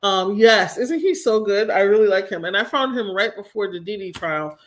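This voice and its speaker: A woman's voice: medium pitch, lively intonation, moderate pace. A young woman talks straight into her computer mic on a live stream. She is chatty and a little exasperated, with plenty of slang and asides to her viewers. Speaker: live-stream commentary host. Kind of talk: casual live-stream commentary.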